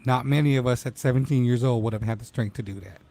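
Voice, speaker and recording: A man's voice: medium pitch, fast, dark tone. A man in his forties hosting a casual live-stream talk show, emotional and tearful as he speaks to his guest. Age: 40s.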